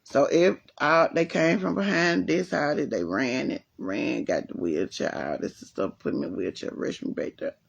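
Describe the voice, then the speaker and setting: Woman chatting on her livestream, swoops all over, raspy voice. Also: low-pitched, muffled recording. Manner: animated, chatty storytelling. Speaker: livestream host. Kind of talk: casual livestream chat reading viewer comments. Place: at home, resting with leg elevated.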